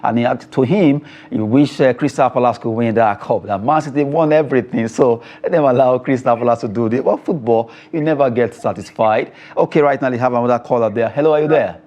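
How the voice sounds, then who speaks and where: A man with a Nigerian English accent hosting a weekend sports phone-in, chatty and quick to laugh with callers, with frequent fillers. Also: medium pitch, darkish tone. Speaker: sports show host. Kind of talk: radio phone-in presenting.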